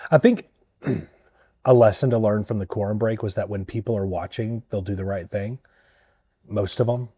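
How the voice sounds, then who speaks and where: This man talks low and dark, with a husky edge to his voice. He speaks candidly and bluntly in an interview, letting a mild curse slip now and then. The sound is dry and close to the mic. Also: normal speed, dry recording. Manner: candid, blunt, mildly profane. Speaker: state party chair. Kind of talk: political interview conversation.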